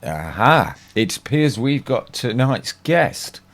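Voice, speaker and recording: A man's voice: medium pitch, very animated, slow. Laid back host guy, voice goes up n down a lot, casual chat.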